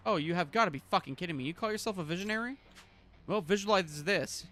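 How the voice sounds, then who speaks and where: A man's voice: sits high, animated, quick pace, pushed and bright, a little hiss or hum. A man voicing a furious, thuggish middle-aged male game producer in an English game dub, barking threats and swearing. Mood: threatening.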